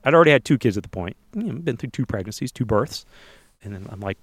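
Fast-talking man telling a story. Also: mid-range voice, dry recording. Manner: animated, acts out others' lines in voices. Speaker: podcast co-host telling a personal story. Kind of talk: casual interview storytelling.

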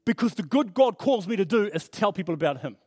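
A man's voice: high voice, expressive, fast talker, a little mellow, no room sound. A middle-aged man preaching a conversational sermon, earnest and storytelling, with frequent restarts.

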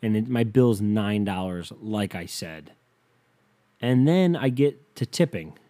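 Ranting, profane man with a dark voice. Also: fairly low pitch, animated, takes it slowly. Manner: ranting, profane, acts out quoted people. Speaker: comedic vlogger. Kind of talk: casual comedic rant to camera.

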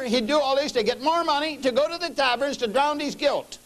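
A man's voice: very high voice, a little fast, hardly any pauses, a bit bright, poor audio. An older man giving a sermon-style lecture as a lay preacher, telling a story and driving his points home by repeating key phrases and calling his listeners friends.

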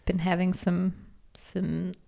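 A woman's voice: on the low side, level tone, takes it slowly, gravelly, warm tone. A woman co-hosting a podcast from the United States, chatting casually and laughing often in teasing banter. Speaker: podcast co-host. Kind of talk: casual chat.

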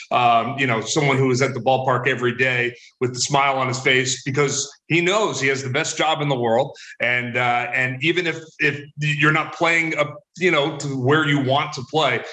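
A male radio host speaks encouragingly to his guest, his voice bright and forceful. Plenty of fillers dot his talk, and the sound is roomy and echoey. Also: mid-range voice. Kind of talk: interview talk.

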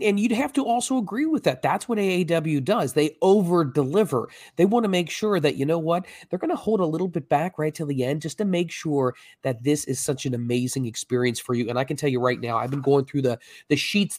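Excitable, salesy male co-host. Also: on the high side, a little fast, few pauses, no room sound, clean studio sound. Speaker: podcast co-host. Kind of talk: promotional podcast hype.

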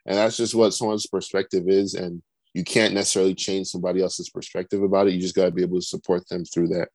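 A man's voice: low voice, little pitch movement, fast, a little mellow, no room sound. A man co-hosting a podcast in casual chat, rambling and saying "like" constantly. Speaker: podcast co-host.

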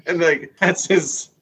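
A man's voice: mid-range voice, a bit bright, low-quality recording. A man who is a guest on a podcast, chatting casually and rambling with many fillers. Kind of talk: casual chat.

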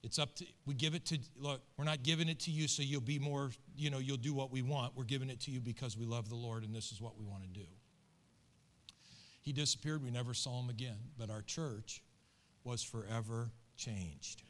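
A middle-aged man, a pastor, telling a story in an earnest, emotional and colloquial sermon. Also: medium pitch.

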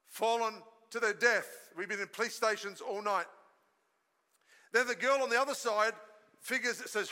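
A male pastor delivering a lively sermon, his voice pitched high and ringing very bright. He tells stories with energy and invites the congregation to join in. Long reverb from the church hall trails every phrase. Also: normal speed. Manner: storytelling, energetic preaching with audience call-and-response.

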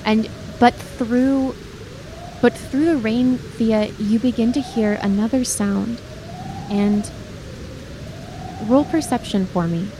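A woman's voice: on the high side, takes it slowly, pauses often, noisy background. A woman narrating a tabletop game as game master, describing scenes with frequent restarts and addressing the player by name.

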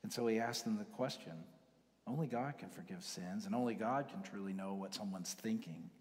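Low-voiced preaching man, hall reverb. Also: normal speed. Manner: conversational preaching, dropping to hushed whispers for emphasis. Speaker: pastor. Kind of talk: sermon.

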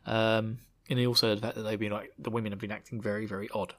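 A man's voice: fairly low pitch, flat delivery, fast. Rambling, jokey man recapping a book. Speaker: podcast host. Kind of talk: casual chapter recap.

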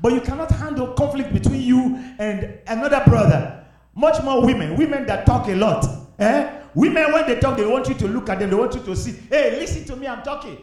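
High-voiced preaching man in echoey hall. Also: animated, a little fast, distant mic. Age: young adult. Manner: swings from shouted exhortation to quiet confiding. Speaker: pastor. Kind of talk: preaching a sermon.

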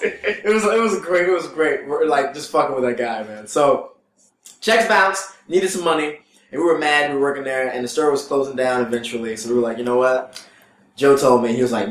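Young comedian guy telling a story, kinda high voice, jumps around a lot doing the voices, echoey room. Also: brisk, a little hiss or hum. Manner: animated, acts out quotes with big pitch jumps, laughs often. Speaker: stand-up comedian guest. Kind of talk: storytelling in a casual interview.

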